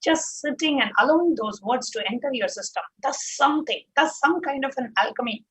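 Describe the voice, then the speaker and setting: A woman's voice: high voice, lively intonation, brisk, a bit bright, slightly rough, rough recording. A woman hosting a live show who talks in an effusive, gushing way. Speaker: host.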